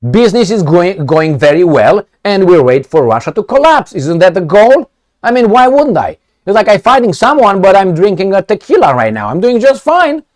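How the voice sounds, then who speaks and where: A man's voice: sits high, sing-song, normal speed. Sarcastic man. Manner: profane, sarcastic, rhetorical questions. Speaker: political commentator. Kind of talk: ranting commentary vlog.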